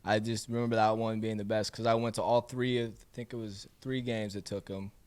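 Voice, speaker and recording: A man's voice: on the low side, flat delivery, a little fast, darkish tone, clear, resonant tone. A man in his twenties from Nebraska, a baseball coach chatting easily as a podcast guest. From Omaha, Nebraska. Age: 20s. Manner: easygoing, storytelling with quoted asides. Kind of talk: casual podcast chat.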